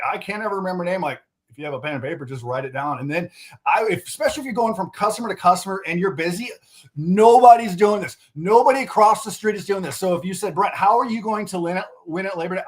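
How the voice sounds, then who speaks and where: Brief: male sales trainer, higher register, energetic, acts out shop-floor dialogue on a video call. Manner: animated, quick restarts, acts out customer dialogue. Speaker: mattress sales trainer, guest. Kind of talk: energetic sales coaching talk.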